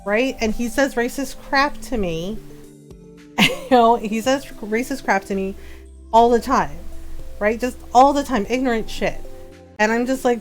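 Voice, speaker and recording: Woman streamer venting on stream, a bit high voice, says things twice for emphasis, faint music behind. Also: unhurried. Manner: heated, emphatic, repeats herself. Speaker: livestream gamer host. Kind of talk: casual livestream chat.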